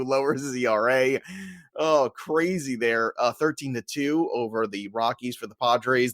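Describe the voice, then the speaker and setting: A man co-hosting a sports podcast in a loose, joking way. He laughs often and stays animated as he runs through the scores. His voice sits at a middle pitch and is recorded dry, with no room sound. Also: dry recording. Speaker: podcast co-host. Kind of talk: casual sports podcast chat.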